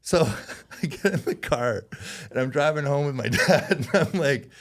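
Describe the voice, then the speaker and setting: A Canadian former hockey player tells stories in a casual interview, speaking at a normal speed in a slightly high voice. He's animated, laughs often, and acts out voices.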